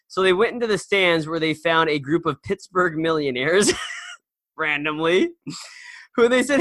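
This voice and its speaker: A man's voice: high-pitched, unhurried, a bit bright, no echo. A man co-hosting a podcast in casual chat, rambling and storytelling with lots of fillers and restarts. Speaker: podcast co-host.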